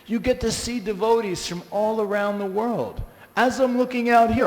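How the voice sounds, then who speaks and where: A man giving a scripture class, telling stories with animated, exclamatory asides to a live audience. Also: high-pitched, normal speed, long reverb tail, poor audio. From United States. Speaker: class speaker. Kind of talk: lively scripture class talk. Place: temple hall with a live audience.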